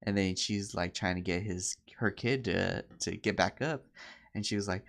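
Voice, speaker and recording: A man co-hosting a podcast, chatting casually and telling stories, acting out quoted people in high voices. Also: moderate pace, creaky. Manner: animated storyteller, acts out quotes in high voices. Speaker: podcast co-host. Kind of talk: casual chat.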